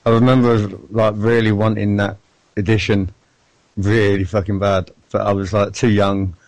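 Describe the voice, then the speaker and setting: Low-voiced man co-hosting a radio show. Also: level tone, moderate pace, a little mellow, dry recording, rough recording. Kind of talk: casual radio chat.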